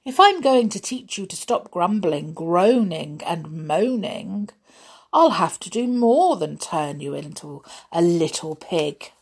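A woman's voice: lowish voice, sing-song, slow, breathy edge, heavily acted. A woman reading aloud, voicing a stern male wizard who threatens to punish bad manners.

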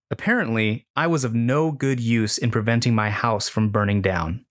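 A middle-aged man narrating a comic, self-mocking first-person story. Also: medium pitch.

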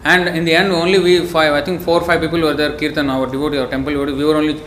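Man in his own voice preaching a sermon, forceful and scolding in tone, recorded in a reverberant room with light background noise. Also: a little high, little pitch movement, rapid-fire. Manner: emphatic, scolding, storytelling. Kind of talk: devotional sermon.

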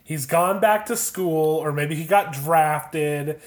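A man's voice: on the high side, slow pace, echoey room. Joking man in profane casual chat. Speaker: podcast co-host. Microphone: phone app.

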